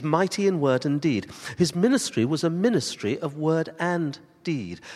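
Pastor preaching a sermon, very lively up-and-down voice, long echo of a big church. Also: male voice, a little high. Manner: animated preacher, rising emphatic questions then soft, slow, falling emphasis.

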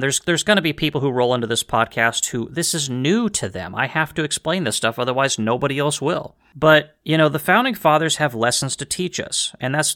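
A man's voice: mid-range voice, sharp tone. A man hosting a history podcast, talking casually with emphatic rhetorical questions and a folksy manner. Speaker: podcast host.

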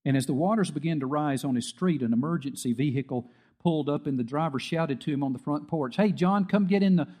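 A man's voice: medium pitch, quick pace, darkish tone, breathy edge. A middle-aged man preaching a sermon as pastor, telling stories with acted-out quotes and emphatic peaks.

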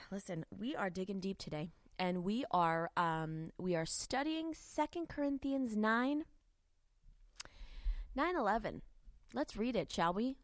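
A woman evangelist hosts a podcast from a studio with a co-worker present, teaching from the Bible at a studio mic in a medium-pitched voice. She's chatty and informal, with many fillers and bits of street slang, and the recording is dry.

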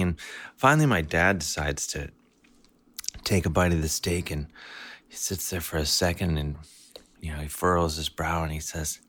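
A man's voice: sits low, normal speed, a bit bright. A man in his fifties telling a family story in a meandering, wry, self-interrupting way. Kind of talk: casual storytelling.

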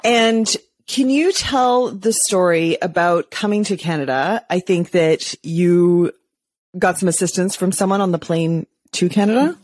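A woman's voice: fairly low pitch, unhurried, darkish tone, no room sound. A woman hosting a podcast interview, enthusiastic and chatty. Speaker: podcast host.

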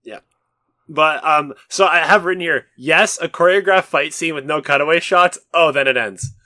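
Young male podcast co-host, bright tone, dry close mic, casual and profane. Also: a little high, normal speed, no echo. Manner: laughs often, swears casually. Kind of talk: casual chat.

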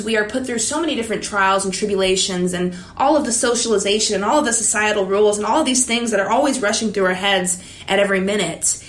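A woman's voice: a little high, fairly bright tone. A woman giving a candid motivational talk to her viewers, blunt and confiding, swearing often. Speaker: vlogger. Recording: echoey room.

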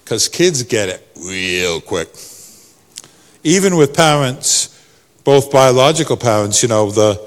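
A male pastor, preaching a sermon that swings from soft to loud. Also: medium pitch, lively intonation, slow pace, long reverb tail.

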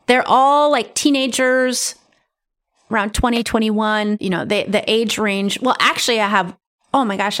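A middle-aged woman who hosts a podcast as a medium, telling personal stories in a chatty, animated way. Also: mid-range voice. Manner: chatty, animated, says right and you guys. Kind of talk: casual storytelling.

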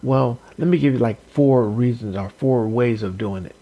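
A man giving a slow, deliberate motivational talk, counting off numbered points with emphasis. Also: medium pitch, muffled recording. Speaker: motivational speaker.

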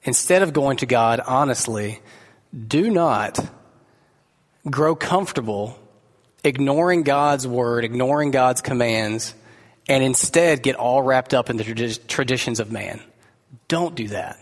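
A man's voice: medium pitch, measured pace. Earnest preacher man in an echoey hall. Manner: conversational and earnest, asks the listeners direct questions. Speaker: pastor. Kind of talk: sermon.

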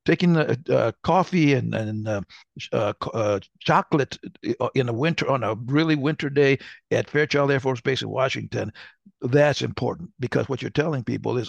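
A man's voice: mid-range voice, normal speed, vocal fry, dry recording, muffled recording. An older man chatting casually as co-host, telling rambling stories and often restarting his sentences. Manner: rambling, self-correcting storyteller. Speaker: podcast co-host. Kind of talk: casual conversation.

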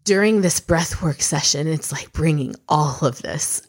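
Low-voiced chatty woman telling a story. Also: measured pace. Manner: chatty, swears freely, many fillers. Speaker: podcast co-host. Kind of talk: candid personal storytelling.

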